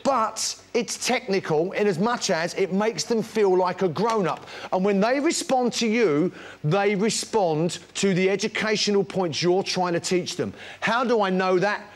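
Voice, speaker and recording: A British man with a high-pitched voice fronts a live shopping channel demonstration, pitching the product at an unhurried pace. He's chatty and enthusiastic, full of anecdotes.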